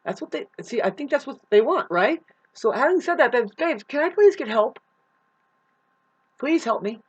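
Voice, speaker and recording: A woman's voice: high voice, animated, normal speed, husky. Agitated rambling woman, lo-fi sound. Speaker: vlogger. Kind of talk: rambling personal monologue. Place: home.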